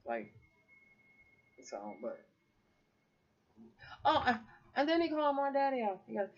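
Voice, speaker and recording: A woman's voice: mid-range voice, huge pitch swings, moderate pace, pauses often, dull audio. A woman talking casually to camera in a rambling vlog, swearing freely and laughing often. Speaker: vlogger.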